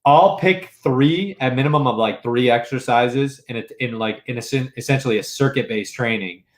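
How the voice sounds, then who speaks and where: A man's voice: mid-range voice, normal speed. Fitness-nerd guy on a podcast, mid voice, lots of "dude" and restarts. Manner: enthusiastic, explains with many fillers and restarts, says dude. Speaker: podcast co-host. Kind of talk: casual chat.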